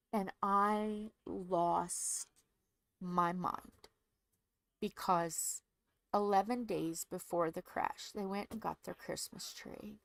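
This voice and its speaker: A middle-aged woman from Indiana, chatting casually to her viewers while doing a craft, rambling and growing soft when sad. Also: on the low side, no echo, poor audio. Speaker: crafting channel host. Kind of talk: casual chat to viewers while diamond painting.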